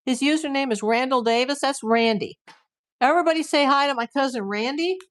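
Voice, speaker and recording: Chatty woman streamer with a higher voice. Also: brisk. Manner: chatty, rambling, lots of "like". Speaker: YouTube live streamer. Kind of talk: casual live-stream chat with viewers.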